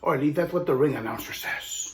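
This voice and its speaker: A man telling a children's story aloud in a lively, expressive way, with playful asides. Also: on the high side, fast, a little hiss or hum. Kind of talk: oral storytelling.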